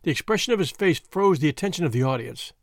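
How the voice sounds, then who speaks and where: Lively male audiobook narrator. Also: on the high side, fast, no echo, clean studio sound. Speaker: audiobook reader. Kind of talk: scripted narration.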